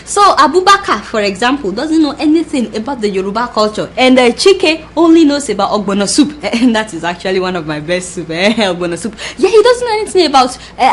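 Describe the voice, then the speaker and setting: A woman's voice: sits high, a little hiss or hum. A Nigerian woman hosting a comedy talk show, delivering a teasing, chatty monologue to camera and laughing often. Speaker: comic talk show host.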